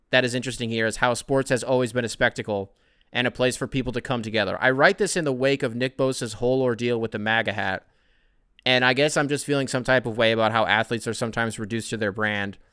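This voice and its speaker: A man's voice: medium pitch, brisk, a bit bright, clean tone, no room sound. A man hosting a casual solo podcast who answers listener emails in a rambling, profane, conversational way, close to the mic. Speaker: podcast host.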